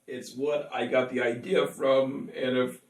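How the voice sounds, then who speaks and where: A man with a medium-pitched, level voice speaks a little slowly. He's a singer-songwriter from California, chatting casually with viewers between songs, rambling and laughing often. The room is echoey and the mic sits at a distance.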